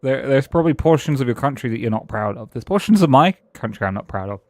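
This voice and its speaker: A British man chatting casually over a game stream, his voice sitting at an ordinary middle pitch. He rambles through his thoughts, restarting sentences and chuckling between them. The sound is dry and close, with no room around it. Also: animated, fast talker, darkish tone, dry recording. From Britain. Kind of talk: casual gaming-stream chat.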